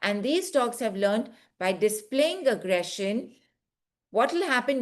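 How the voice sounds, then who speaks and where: A woman's voice: fairly high pitch, animated, a little slow. A woman teaching an online dog behaviour course, earnestly acting out what fearful dogs are thinking. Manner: earnest, acts out dogs' thoughts in first person.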